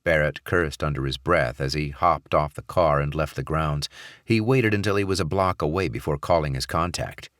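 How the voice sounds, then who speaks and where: A male narrator reading a thriller audiobook in a steady, measured way. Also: very deep voice, no echo, studio quality. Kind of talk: scripted narration.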